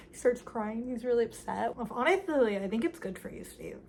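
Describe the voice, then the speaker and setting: A woman's voice: fairly high pitch, expressive, moderate pace, vocal fry, few pauses, darkish tone, slight background noise. A woman casually recapping a movie's plot for a review, telling it in a chatty, filler-heavy way with wry asides.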